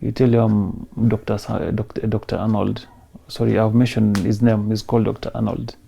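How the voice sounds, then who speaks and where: Kenyan guy telling his story, soft and emotional, mellow gravelly voice. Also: on the low side, flat delivery, moderate pace. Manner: emotional, soft-spoken, mixing in Swahili phrases. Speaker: interview guest. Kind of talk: personal story interview.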